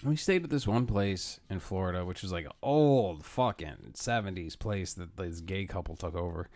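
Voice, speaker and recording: A man's voice: deep voice, animated, normal speed, a little mellow. A man telling stories in casual chat, laid-back and profane, often acting out the voices of people he quotes.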